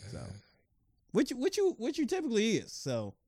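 A man co-hosting a podcast in casual chat, animated and argumentative, swearing freely. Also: extremely high pitch, moderate pace, no echo, clean studio sound. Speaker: podcast co-host.

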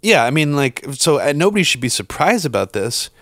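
A man's voice: on the high side, big pitch swings, a little fast, fairly bright tone, dry recording. Blunt man on a dry mic. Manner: blunt, rambling with restarts and swearing. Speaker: podcast co-host. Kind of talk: casual political chat.

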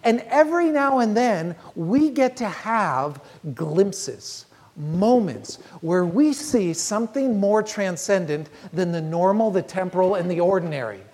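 A woman preaching a sermon, telling a story in an earnest, measured way and slowing down on key phrases. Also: mid-range voice, animated, darkish tone, breathy edge.

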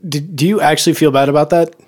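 A man's voice: on the high side, steady tone, fast talker, a little mellow. Blunt, opinionated man in casual chat. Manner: blunt, opinionated, stumbling restarts. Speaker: podcast co-host.

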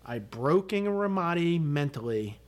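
A middle-aged man, a retired senior army sergeant, telling his story in an interview in a blunt, profane, animated way, acting out what people said. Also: fairly high pitch, a little slow. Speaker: guest, retired command sergeant major.

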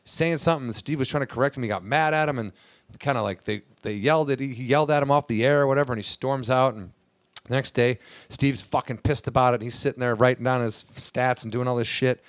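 A man hosting a podcast, telling loose, profane stories in casual chat and slipping into quick impressions. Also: medium pitch, dry recording. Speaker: podcast host.

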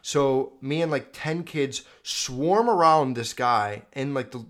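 Young man, podcast host, casual storytelling, swears a lot, mid-pitched voice, keeps correcting himself. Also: slow pace, fairly bright tone. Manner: rambling, profane, self-correcting. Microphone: video podcast mic.

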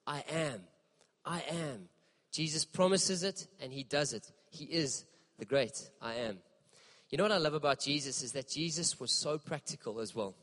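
A man's voice: a little high, a bit bright. Emphatic male preacher in a reverberant hall. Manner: impassioned, emphatic preaching with dramatic pauses. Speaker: pastor. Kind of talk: sermon. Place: church.

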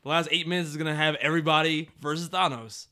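A man chatting casually, excitable and quick to laugh, often jumping in with questions. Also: on the high side. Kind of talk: casual chat.

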